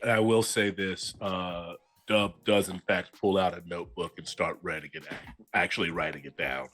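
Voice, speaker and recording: Deep, forceful man player. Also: fairly even intonation, moderate pace. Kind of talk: playing a character in a tabletop game. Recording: faint music behind.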